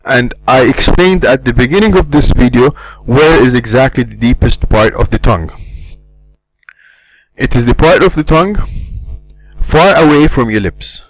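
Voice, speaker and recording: Lively-voiced male language teacher. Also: mid-range voice, no room sound, poor audio. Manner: repeats syllables slowly to demonstrate sounds. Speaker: Arabic teacher. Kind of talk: pronunciation lesson.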